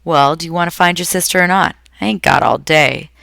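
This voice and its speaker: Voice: mid-range voice, lively intonation, moderate pace, gravelly, sharp tone, dry recording, studio quality, heavily acted. A reader voicing a blunt, impatient old homeless woman on a park bench. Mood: gruff.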